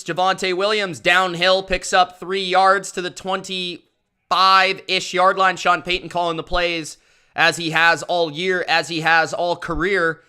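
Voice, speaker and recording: A man hosting a live stream, calling football play-by-play with a hyped announcer-style delivery and shouting out his chat. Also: sits high, clean tone. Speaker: live-stream sports commentator.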